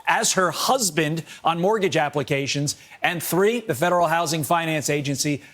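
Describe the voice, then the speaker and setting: A male television reporter gives a broadcast news report. His voice sits slightly high, and his delivery is measured and crisp as he walks through each point. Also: fairly bright tone.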